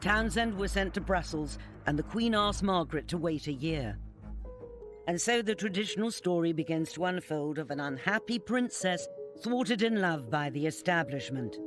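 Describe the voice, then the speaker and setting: Male documentary narrator, measured and formal, lightly raised pitch, music under. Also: expressive, a bit bright. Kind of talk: scripted narration.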